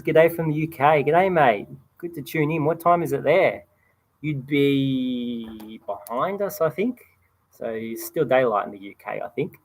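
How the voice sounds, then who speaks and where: An Australian man in his thirties hosting a relaxed livestream Q&A, chatting casually and reading out viewer comments. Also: medium pitch, poor audio. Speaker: host answering viewer questions. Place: outdoors by a campfire at night.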